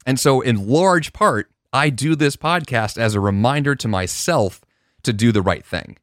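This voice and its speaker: A man talks through his podcast alone, earnest and reflective, often backing up and restarting a thought. His voice sits in a middle pitch. The sound is dry and close, with no room around it. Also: animated, measured pace, a bit bright, no room sound. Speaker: podcast host. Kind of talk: casual solo podcast monologue.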